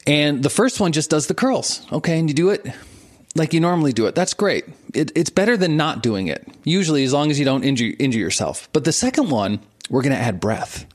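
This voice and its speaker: A man in his forties, a guest on an interview show, teaching with lively examples and frequent laughter. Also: fairly high pitch, brisk. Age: 40s. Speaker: martial arts and meditation teacher, guest. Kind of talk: explanatory interview talk.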